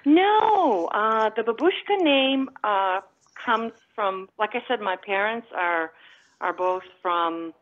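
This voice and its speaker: A woman from the Midwest calling in to a talk show, rambling and halting with lots of fillers. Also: medium pitch, animated, a bit bright, muffled recording. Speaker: caller. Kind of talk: phone-in chat.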